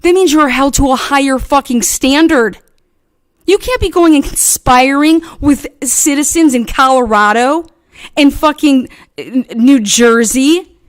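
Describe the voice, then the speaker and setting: A woman tears into her critics in a heated, profanity-laced livestream rant. Her voice sits somewhat high and is recorded close and dry, with no room sound. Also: measured pace, no room sound. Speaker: channel host.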